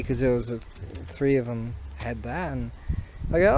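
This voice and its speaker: Man, casual vlog chatter, rambling storyteller, mid-pitched voice, faint outdoor background noise. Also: lively intonation, a little fast, darkish tone. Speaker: vlogger.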